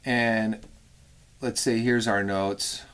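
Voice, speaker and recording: A man's voice: lowish voice, steady tone, extremely slow, fairly bright tone, clean tone. A middle-aged man teaching horn arranging in a casual, rambling way, now and then singing rhythms in scat syllables. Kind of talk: casual instructional talk.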